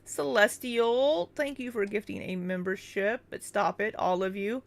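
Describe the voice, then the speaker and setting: A woman's voice: medium pitch, unhurried, a little hiss or hum. Laughing young woman reading her chat. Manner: laughs often between chat replies; reads out viewer names and thanks them. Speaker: livestream host. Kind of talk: casual livestream chat reading.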